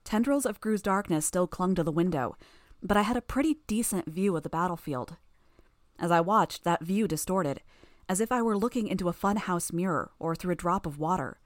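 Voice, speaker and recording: Audiobook narrator: a woman, lowish voice, measured delivery, very dry close mic. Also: animated, no echo. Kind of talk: first-person audiobook narration.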